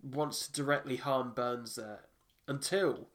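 A man's voice: mid-range voice, a little slow, a bit bright. A man in casual chat, wryly recapping cartoon scenes as a podcast co-host.

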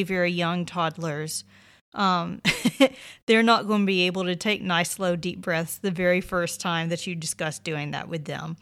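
A woman's voice: on the low side, fairly bright tone. A woman in her thirties hosting a parenting podcast, giving casual, reassuring advice with lots of "you know" and "like". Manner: conversational, reassuring, many fillers like "you know" and "like".

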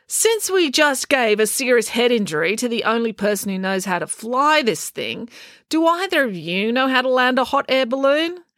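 A woman's voice: a little high, sing-song, moderate pace, fairly bright tone, dry recording, studio quality, voice pushed up. A woman voicing a young boy who talks in a blunt, matter-of-fact way.

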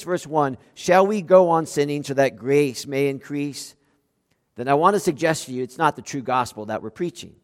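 A fairly high-voiced male pastor preaching a sermon, animated and dramatic, jumping from loud emphatic outbursts to hushed asides. His voice rings through a church sanctuary with a long reverb tail.

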